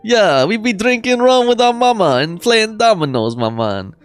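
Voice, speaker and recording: A man's voice: high-pitched, animated, smooth, no room sound, soft background music, pitched above the performer's own voice. A man voicing an exaggerated, jokey Jamaican man in a put-on Jamaican accent, drawling each phrase. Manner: slow, drawn-out, sing-song delivery.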